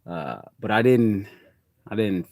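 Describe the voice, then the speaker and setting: A man rambles through a casual spiritual monologue and swears freely. His voice sits a little low. The sound is dry and close, with no room around it. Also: animated, slow pace, vocal fry, a little mellow, dry recording. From Detroit, USA. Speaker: host.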